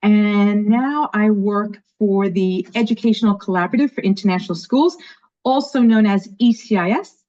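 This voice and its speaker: A woman in her fifties from New York, with a New York accent, talking as an enthusiastic, energetic guest in an interview. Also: medium pitch, normal speed. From New York, USA. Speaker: guest, education leader. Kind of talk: casual interview chat. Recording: dull lo-fi audio.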